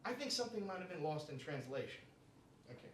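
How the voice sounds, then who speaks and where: A man's voice: on the high side, big pitch swings, quick pace, slight background noise. A man performing a live stand-up set in a comedy club, brash and profane, tagging his lines with "right?" and "you know?". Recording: echoey club room from far off.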